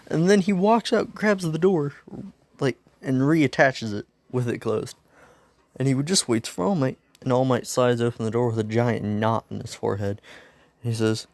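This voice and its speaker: A man's voice: mid-range voice, normal speed, gravelly, a little mellow, no echo. A man casually narrating a fan-made story, rambling and offhand with lots of fillers.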